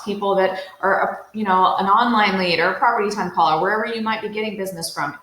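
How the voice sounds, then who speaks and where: A woman's voice: mid-range voice, a bit bright. A woman coaching real estate agents in a casual, upbeat, direct way, with lots of "you know"s. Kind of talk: casual motivational talk to agents. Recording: roomy echo.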